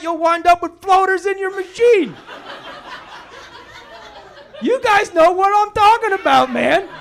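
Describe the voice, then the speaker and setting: A middle-aged man doing a stand-up comedy set on a club stage into a handheld mic, telling stories in a laid-back way that breaks into shouting. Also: extremely high pitch, lively intonation, moderate pace, vocal fry.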